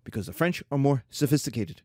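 A middle-aged man teaching a classroom lecture in an emphatic, animated way, slipping into playful mock voices. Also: medium pitch, quick pace, breathy edge, dry recording, studio quality. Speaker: history teacher.

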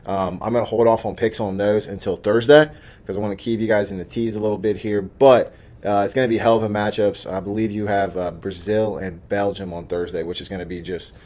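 A man's voice: on the low side, steady tone, fairly quick, a little mellow. A man hosting a sports betting podcast in casual chat, brash and joking as he hypes his own picks. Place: studio office.

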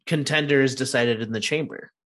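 A man's voice: medium pitch, fairly quick, a bit bright. A man on a casual wrestling podcast, asking curious questions.

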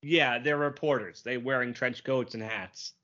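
A man co-hosting a cartoon podcast, recapping an episode with enthusiasm and quick quoted lines. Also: mid-range voice, pushed and bright. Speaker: podcast co-host. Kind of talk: casual chat. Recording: dull lo-fi sound.

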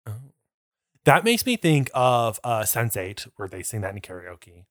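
A man's voice: mid-range voice, very animated, unhurried, fairly bright tone, no echo, studio quality. A man co-hosting a casual podcast, rambling through tangents and laughing often. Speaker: podcast co-host. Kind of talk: casual chat about books and films. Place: indoors, sitting on the floor.

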